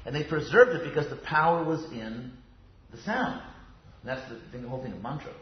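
A man's voice: medium pitch, animated, a little fast, slight background noise. Chatty man lecturing in a roomy class. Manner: chatty, digressive, many fillers and restarts. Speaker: yoga philosophy teacher. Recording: roomy, dull sound.

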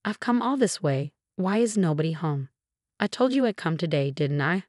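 An arrogant younger sister taunts her sibling in a storybook reading, done by a woman narrator. The voice sits low and close, with no room sound, and every line is delivered with smug mockery. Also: expressive, normal speed, darkish tone, no echo. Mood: indignant.

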